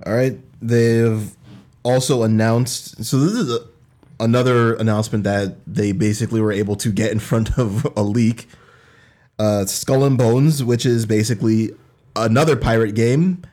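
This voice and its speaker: A man's voice: medium pitch, normal speed. Man hosting a casual chat podcast. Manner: animated, runs the segments. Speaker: podcast host.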